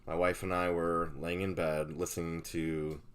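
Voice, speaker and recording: Deep-voiced man, dry teasing host. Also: little pitch movement, normal speed, a crowd in the background. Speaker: card-break stream host. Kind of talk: casual chat.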